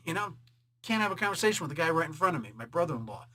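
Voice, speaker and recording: A man hosting a casual comic book review, jokey and animated, laughing often and slipping into quick voices to quote characters. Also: a little high.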